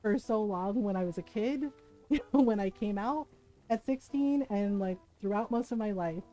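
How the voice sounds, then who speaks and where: A woman's voice: medium pitch, moderate pace, dark tone, low-quality recording. A woman streaming from home, chatting casually as she tells a story, often asking "right?" and laughing as she goes. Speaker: streamer and mother. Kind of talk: casual storytelling chat while streaming a game. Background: faint game music.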